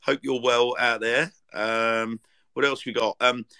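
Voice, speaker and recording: A man's voice: medium pitch, flat delivery, measured pace, sharp tone, clear, resonant tone, low-quality recording. A man hosting a football fan podcast, chatting casually and reading listener tweets aloud in a rambling way, with many ums and restarts. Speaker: podcast host.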